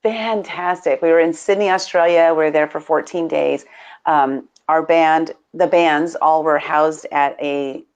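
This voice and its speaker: Bubbly American-raised female co-host, lowish voice, muffled stream audio. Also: fairly even intonation, measured pace, clean tone. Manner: bubbly, laughs while telling stories. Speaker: co-host of a live video show. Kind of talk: casual live-stream chat.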